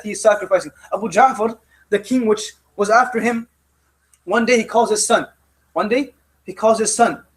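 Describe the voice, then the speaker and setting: A man's voice: extremely high pitch, poor audio. A man teaching a religious class to youth, who tells stories emphatically, repeating lines and often restarting his sentences. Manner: emphatic and repetitive, with frequent restarts. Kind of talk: youth halaqa sermon.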